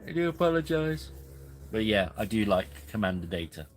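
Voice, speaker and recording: Chatty man, low voice. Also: big pitch swings, normal speed, slight background noise. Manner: rambling, chatty, self-deprecating. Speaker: camping channel host. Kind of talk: casual live-stream chat. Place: camping tent.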